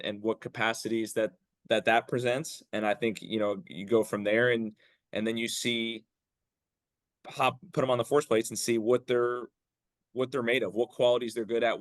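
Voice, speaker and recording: A man with a middle-pitched voice answers as a guest coach, thinking aloud and restarting his sentences. The sound is dry, with no room echo. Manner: analytical, restarts and repeats words. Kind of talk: interview answers.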